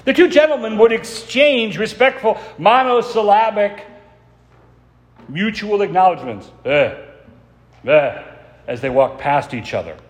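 A man preaching a sermon as pastor, telling a story in a measured way and slowing down to stress key words. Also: high-pitched, animated. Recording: long church reverb.

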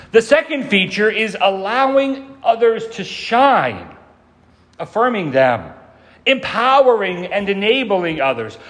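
Guy preaching a sermon, pretty high voice that jumps around a lot, telling a story, echo trailing off. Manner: storytelling with shifting emphasis. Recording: long reverb.

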